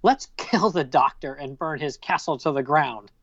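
Angry village mob read by a man, theatrical and loud. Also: on the high side, normal speed, dull audio, background noise, natural voice.

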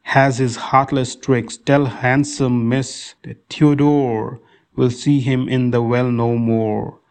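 A man doing a gravelly, quick-witted monkey. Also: mid-range voice, flat delivery, a little mellow. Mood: scornful. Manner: pleading, then scolding and triumphant. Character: quick-witted male monkey, clever and nervous.

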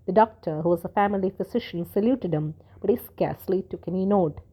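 A woman narrating a story in a steady, measured reading voice. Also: mid-range voice, slightly rough. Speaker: audiobook narrator.

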